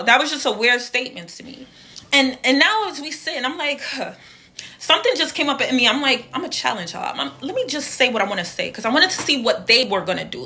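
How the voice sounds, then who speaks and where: A woman telling a personal story in a casual, animated, slang-filled way. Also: fairly high pitch, slight background noise.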